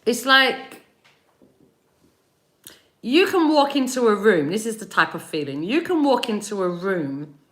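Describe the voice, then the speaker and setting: A woman giving tarot readings on a live stream, chatting gently with viewers and softly repeating their names as she tunes in. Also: mid-range voice, sing-song. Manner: slow, soothing, repeats names while tuning in. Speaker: tarot reader.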